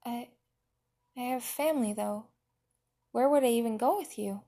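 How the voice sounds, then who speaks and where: A woman's voice: fairly high pitch, normal speed, mellow. A woman voicing a timid, awestruck young male slave who stammers breathlessly.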